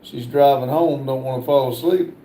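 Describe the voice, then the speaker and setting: A middle-aged man hosting a casual livestream, reading viewer comments aloud in a slow, halting way with many "uh" fillers. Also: medium pitch, steady tone, mellow, reverberant. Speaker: livestream host.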